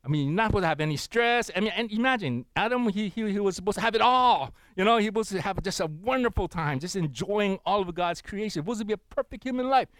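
A middle-aged man preaching a sermon, animated and repetitive, often calling for responses from the congregation. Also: high voice, quick pace, few pauses, dry recording, clean studio sound.

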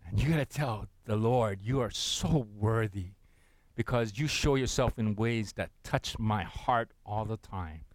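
A man preaching a sermon, leading the congregation in reading scripture aloud and swinging between loud urgency and soft hushed asides. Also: fairly low pitch, a little slow, few pauses, no room sound. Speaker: pastor.

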